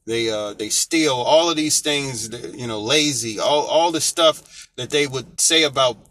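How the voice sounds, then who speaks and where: A man's voice: medium pitch, a little slow, sharp tone. An American man giving an informal Bible teaching, reading verses aloud and explaining them in a loose, conversational way. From United States. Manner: conversational, reads scripture aloud then explains it with many fillers.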